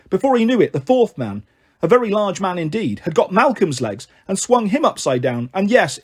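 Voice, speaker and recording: A man reading a children's book aloud in an expressive, animated way. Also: high voice, slightly rough. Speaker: storyteller.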